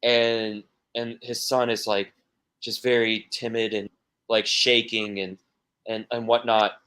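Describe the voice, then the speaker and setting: Slow, rambling male musician guest. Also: on the low side, flat delivery, bright, forceful tone, clean tone. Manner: rambling, many restarts and fillers. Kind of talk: casual podcast interview.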